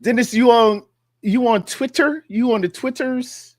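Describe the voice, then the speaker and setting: A man's voice: extremely high pitch, measured pace, no room sound, clean studio sound. Laid-back man hosting a fan livestream. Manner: loose and repetitive, calls out viewers. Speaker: sports show host. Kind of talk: casual livestream chat. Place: home studio in North Carolina.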